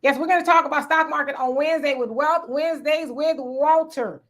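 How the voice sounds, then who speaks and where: Woman livestream host, bit high voice, reads chat comments, laughs a lot, greets folks by name. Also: brisk. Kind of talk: casual live chat.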